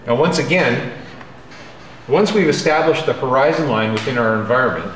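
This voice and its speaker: A man's voice: medium pitch, animated, moderate pace, slight background noise. A man teaching a drawing class, direct and emphatic, often checking in with his students. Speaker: drawing instructor. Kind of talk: classroom lecture. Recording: roomy classroom with faint ambience.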